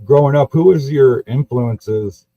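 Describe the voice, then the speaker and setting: A man's voice: mid-range voice, measured pace. A man hosting a casual podcast interview, asking questions in a loose, swearing, easy-laughing way. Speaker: podcast host. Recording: dull, dry lo-fi sound.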